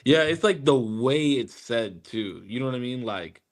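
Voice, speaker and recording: A man's voice: medium pitch, lively intonation, moderate pace. A young man co-hosting a podcast in casual chat, speaking bluntly and frankly. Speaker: podcast co-host.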